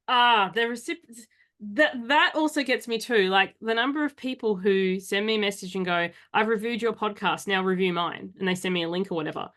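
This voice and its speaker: A woman's voice: mid-range voice, fairly quick, a bit bright. An Australian woman hosting a podcast, talking casually in a blunt, exasperated way and swearing now and then. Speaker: podcast host.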